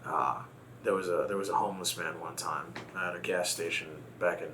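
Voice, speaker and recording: Deep, bright-toned man telling a story. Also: steady tone, fairly quick, a little hiss or hum. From Texas, US. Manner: reflective storyteller. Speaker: guest. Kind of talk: casual conversation.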